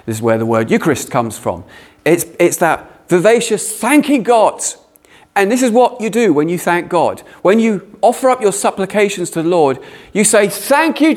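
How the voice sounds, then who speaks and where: A man preaching a sermon, animated with playful asides. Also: on the high side. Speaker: pastor.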